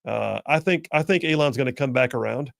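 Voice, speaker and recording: A middle-aged man with a drawl hosts a talk radio show, spinning folksy stories with jokey asides. His voice carries a gravelly edge, and the studio sound is dry and close. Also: mid-range voice, a little fast, no echo. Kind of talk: casual call-in talk radio chat.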